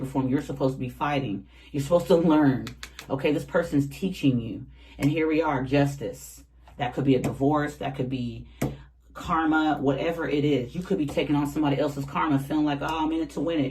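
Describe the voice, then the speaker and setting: Tarot reader, casual reading, slangy, animated, middle pitch, faint background hiss. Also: rough recording. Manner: animated, slangy, chatty with frequent laughs.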